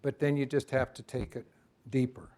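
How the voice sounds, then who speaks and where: A man teaching a class, lecturing in a lively way and asking his students for input. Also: medium pitch, moderate pace. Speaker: instructor.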